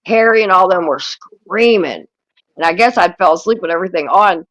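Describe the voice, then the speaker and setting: A woman's voice: fairly low pitch, moderate pace, dry recording, low-quality recording. A woman chatting casually on a livestream panel, swearing freely, laughing often and acting out what others said. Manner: profane, laughs a lot, animated storytelling. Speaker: panel guest.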